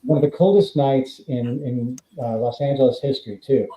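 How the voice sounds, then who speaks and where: A man's voice: medium pitch, moderate pace, roomy sound, dull audio. A middle-aged man, a former stuntman, tells stories as a guest in an interview, acting out the quoted dialogue. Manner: animated anecdote-telling, acts out quoted dialogue. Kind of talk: storytelling in a podcast interview.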